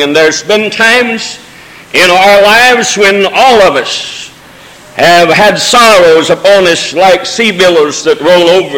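A pastor delivers his sermon in a fairly high voice, drifting from easygoing asides into swelling, emotional cadences. His words ring out with the long reverb of a church sanctuary. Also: bright, forceful tone. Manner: preaching with folksy asides and rising emotional cadences. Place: church sanctuary during a service.

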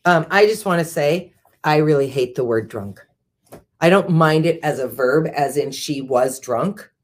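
Low-voiced woman reading aloud. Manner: measured reading with personal asides. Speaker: host, CEO. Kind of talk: reading a book aloud, then casual discussion.

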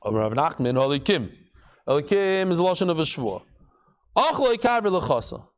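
Lively, high-pitched male Talmud teacher, playing out stories in class. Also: moderate pace. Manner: animated, acts out quotes with shifting voices and jokes.

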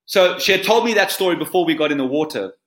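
A man's voice: a little high, animated, fast talker, a bit bright. A man in his forties, a surf coach being interviewed, telling a story earnestly and often repeating words as he finds them. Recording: roomy echo.

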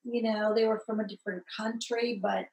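A woman from Southern California telling her conversion story in a lively, expressive way, acting out the people she met. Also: mid-range voice, fairly quick, reverberant, poor audio. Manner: lively, acts out voices in the story, rises to excited peaks. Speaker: guest telling her testimony. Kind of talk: animated personal storytelling.

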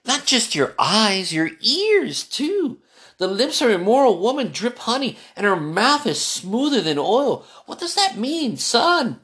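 An earnest Bible teacher who reads scripture slowly, then explains it, repeating key phrases and addressing the listener as son. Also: medium pitch, fairly bright tone.

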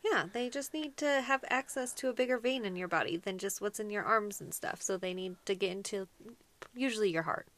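A woman's voice: medium pitch, fairly quick, fairly bright tone. A woman co-hosting a podcast in casual chat, chiming in with support and explanations. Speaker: podcast co-host.

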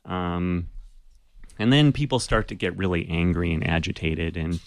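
A man's voice: low-pitched, expressive, normal speed, no room sound, studio quality. A man narrating a tabletop game as game master, in a loose, conversational way with frequent fillers.

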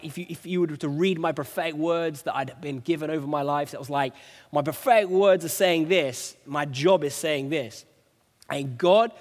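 A man's voice: fairly high pitch, big-room sound. A man preaching in an earnest, conversational way, telling a personal story. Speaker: preacher sharing a testimony. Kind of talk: conversational sermon.

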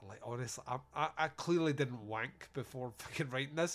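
A man's voice: medium pitch, brisk, hardly any pauses, fairly bright tone. A man hosting a podcast, giving a sweary, jokey movie review and laughing at his own lines. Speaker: podcast host. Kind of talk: casual comedic movie review.

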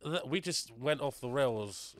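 A man co-hosting a casual podcast chat, relaxed and jokey, musing aloud. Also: mid-range voice, a little slow. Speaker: podcast co-host.

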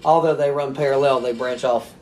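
A man's voice: medium pitch, fairly even intonation, fairly quick, darkish tone, slight background noise. A man talking as a podcast guest, telling a story in a casual, self-mocking way and laughing often.

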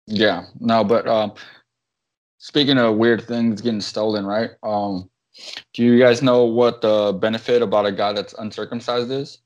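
A man's voice: lowish voice, steady tone, a little slow, darkish tone. A man chatting casually and telling jokes in a laid-back way. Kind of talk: casual chat. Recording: dull lo-fi sound.

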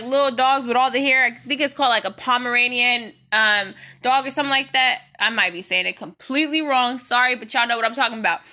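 High-pitched and sharp-toned, this young vlogger chats with her audience through a casual story, calling them y'all and slipping in prayerful remarks. Her allergies are bothering her, leaving her nose itchy.

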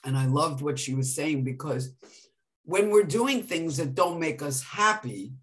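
A woman with a New York accent, co-hosting a casual podcast chat and telling stories in an animated way. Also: low voice, unhurried. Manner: animated storytelling with laughs. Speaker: podcast co-host.

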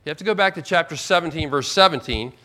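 A man preaching a sermon as pastor, emphatic, slowing right down to stress key words. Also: a little high, bright, forceful tone. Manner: emphatic, with slow drawn-out stresses.

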